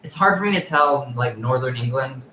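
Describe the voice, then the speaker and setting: A young male actor, a guest on a casual live chat, easygoing and halting, full of "like". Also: mid-range voice, expressive, over a noisy crowd. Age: young adult. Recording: echoey room with faint noise.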